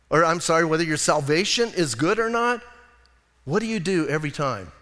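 A male pastor preaching an animated, conversational sermon and acting out bits of dialogue. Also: a little high, big-room sound.

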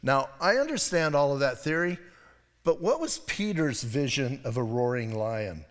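A man preaching a sermon as pastor, in a conversational style with digressive asides and animated moments. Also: mid-range voice, moderate pace, in a large hall. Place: church sanctuary.

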